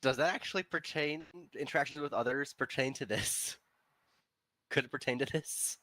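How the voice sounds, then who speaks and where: A man playing a tabletop game, asking quick questions about his character. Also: medium pitch, sharp tone, no room sound. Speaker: player. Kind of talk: casual chat.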